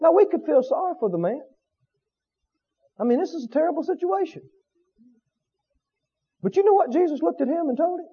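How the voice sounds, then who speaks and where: A man's voice: very high voice, animated, a little fast, pauses often, highs cut off. A man preaching a sermon with emphasis, often asking the congregation questions.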